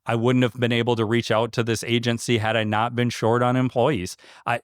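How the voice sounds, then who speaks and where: A man's voice: mid-range voice, level tone, a little fast, clear, resonant tone, no echo, clean studio sound. A man who owns a small business, speaking in a casual interview, earnest and heartfelt, with many fillers and restarts. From Michigan. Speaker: franchise owner, interview guest.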